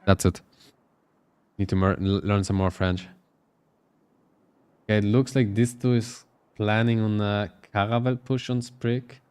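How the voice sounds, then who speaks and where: Guy casting a strategy game live, lower voice, clean and smooth, kinda thinking out loud as he goes. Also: steady tone, measured pace, long pauses, no echo. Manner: loose, thinking-aloud play-by-play. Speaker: esports caster.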